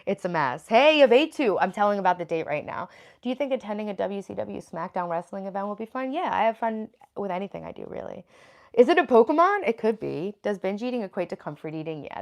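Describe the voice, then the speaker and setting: Woman livestreamer, gravelly vocal fry, rambling casual chat, reads comments aloud. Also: mid-range voice, expressive, fast talker. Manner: chatty, rambling, many filler words. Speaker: livestream host.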